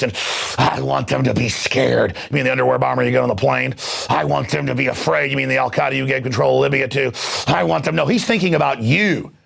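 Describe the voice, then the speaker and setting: A male talk show host delivering an angry, heated political rant, mocking and shouting at times. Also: fairly high pitch, vocal fry, breathy edge.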